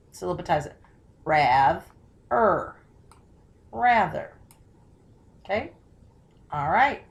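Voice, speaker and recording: A woman teacher talks students through a spelling tutorial. She sounds out words slowly and carefully, breaking them into parts. She often stops to ask questions and check that they follow. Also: lowish voice.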